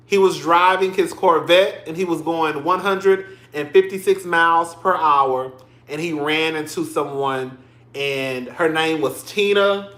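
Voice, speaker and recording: Talking through his livestream commentary unhurriedly, a man with a bright, high voice gets emotional and tears up while chatting with listeners he calls "girl" and "y'all." His casual stream sounds reverberant, as if recorded in a small bare room.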